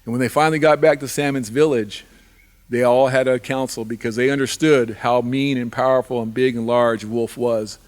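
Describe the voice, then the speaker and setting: A man's voice: medium pitch, steady tone, normal speed. A man telling a traditional animal story live, in a repetitive rhythmic way with restarts. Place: live fundraiser event.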